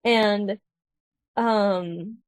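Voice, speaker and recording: A woman's voice: medium pitch, very slow, clean tone, no echo. A woman telling a story in casual podcast chat, acting out the people she quotes. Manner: animated storyteller, acts out quoted voices.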